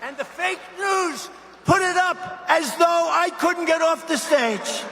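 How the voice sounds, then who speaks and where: High-voiced sarcastic man in a hall. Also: takes it slowly, bright, forceful tone. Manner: sarcastic, digressive, repetitive. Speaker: gala speaker. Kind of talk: rambling political speech. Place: large banquet hall. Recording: long hall reverb.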